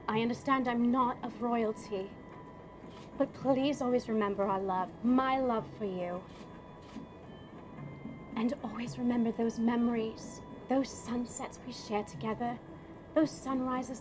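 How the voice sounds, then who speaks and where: A woman voicing a gentle young woman saying a soft, tender goodbye to her prince, over noisy stream audio. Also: a little high, fairly even intonation, a little slow, over music, close to an everyday voice. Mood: tender farewell.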